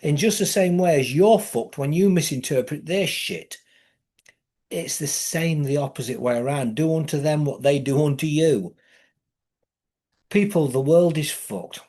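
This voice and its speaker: A man's voice: a little high, a little slow, dark tone. A middle-aged English man with an English accent, ranting in a profane monologue that often swells into emphatic outbursts. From England. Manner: swearing often, heated, rising into emphatic outbursts.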